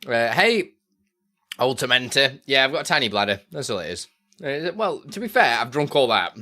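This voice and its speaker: A man's voice: medium pitch, big pitch swings, fairly quick, sharp tone. Male streamer, casual live chat, rambling, distracted, bouncy up-and-down voice, plenty of ums. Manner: rambling and easily sidetracked, with many fillers. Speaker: streamer answering chat questions.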